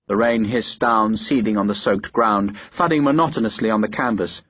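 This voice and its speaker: A man reading a historical war novel in a steady, measured audiobook narration. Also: on the low side, husky, dry recording, muffled recording.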